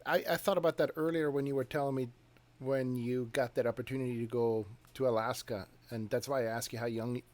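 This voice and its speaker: A man hosting a casual interview, speaking at a mid pitch. He encourages his guest warmly, pausing often to find his words. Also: fairly even intonation. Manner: encouraging, hesitant with fillers. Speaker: interview host.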